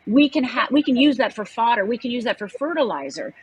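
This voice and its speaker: A woman's voice: on the high side, very animated, fast, husky, dull audio. A woman in her sixties from Upper Michigan, telling a personal story as an interview guest in an earnest, emphatic way. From Upper Michigan, United States. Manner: earnest, emphatic, acts out quoted voices. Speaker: guest, life coach.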